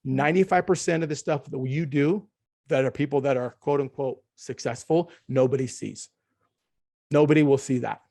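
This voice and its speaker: A middle-aged man, a podcast guest, talking in an emphatic, ranting way and dropping to a hushed tone when he quotes himself. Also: medium pitch, normal speed. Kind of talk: animated conversational storytelling.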